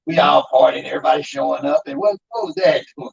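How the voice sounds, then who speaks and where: A man's voice: on the high side, fast, vocal fry, slightly rough. A man speaking as an undertaker, telling stories about grief to an audience in an emphatic, preaching style. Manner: animated, emphatic storytelling, addresses crowd as y'all. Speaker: undertaker giving a talk on grief. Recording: dull lo-fi live recording.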